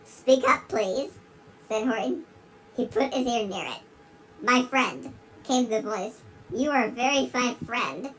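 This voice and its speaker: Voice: medium pitch, fairly bright tone, slight background noise, close to an everyday voice, poor audio. A performer voicing a giggly big-lipped alligator who gives a dramatic rhyming storybook reading. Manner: reads in rhyme and keeps breaking into giggles.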